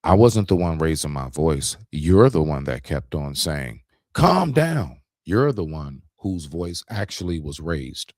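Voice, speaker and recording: A man's voice: very deep voice, measured pace, hardly any pauses, no echo, studio quality. A man co-hosting a talk stream, arguing his point in a heated, emphatic casual debate. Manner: animated, confrontational, emphatic, demonstrates raising his voice.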